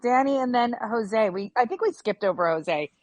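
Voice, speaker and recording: Woman moderator in an online group chat, lively and teasing, dry close sound. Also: fairly high pitch, no echo, dull audio. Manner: lively, quick to laugh, teasing. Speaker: discussion moderator. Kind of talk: casual group discussion.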